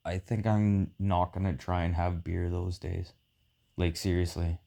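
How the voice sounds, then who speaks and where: A man's voice: low voice, level tone, unhurried, vocal fry, mellow. A man chatting casually with his wife, loose and joking, swearing freely and laughing often. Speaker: co-host of a couple's chat vlog. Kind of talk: casual chat.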